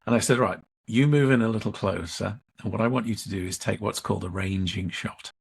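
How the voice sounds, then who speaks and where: A middle-aged man, a leadership coach and interview guest, telling a workshop story in a measured way and acting out the dialogue. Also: on the low side, vocal fry, husky.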